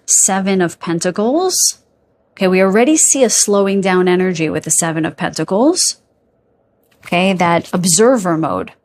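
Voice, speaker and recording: A woman's voice: fairly low pitch, expressive, moderate pace, darkish tone. A woman giving a casual tarot reading to her viewers, chatty and full of asides, often checking in with "okay?" and "you guys". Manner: yawns and laughs while talking. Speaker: tarot reader.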